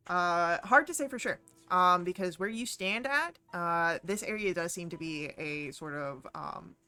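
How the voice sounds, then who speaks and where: A woman running a tabletop game as game master, talking in a relaxed way with many fillers. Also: lowish voice, unhurried, clean tone.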